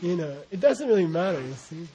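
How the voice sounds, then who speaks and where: An American man giving an informal Buddhist teaching, rambling and animated, often laughing and saying "you know". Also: high voice, brisk. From United States. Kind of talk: informal dharma talk.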